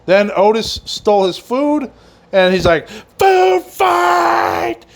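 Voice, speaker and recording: A man with a fairly high voice hosting a casual wrestling recap. He rambles loosely and swears freely. He often laughs at his own jokes. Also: lively intonation, a little slow. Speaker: podcast host.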